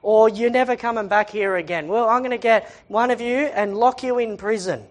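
A stern, blunt male governor who makes mock threats at his brothers. A woman puts him on in a casual, chatty retelling of a Bible story, with a fairly high voice. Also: normal speed, close to an everyday voice.

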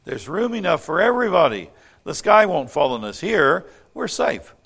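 A man's voice: fairly high pitch, big pitch swings, normal speed, fairly bright tone, pitched above the performer's own voice, heavily acted. A man voicing a sly, scheming male fox who coaxes the others along with false friendliness in a children's story. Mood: coaxing. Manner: smooth, coaxing invitations.

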